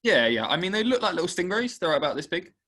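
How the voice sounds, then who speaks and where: Young male podcast co-host with a slightly high voice, chatty and animated, plays every part in his stories. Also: fast talker. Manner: animated storyteller acting out both sides of a conversation. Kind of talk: casual chat.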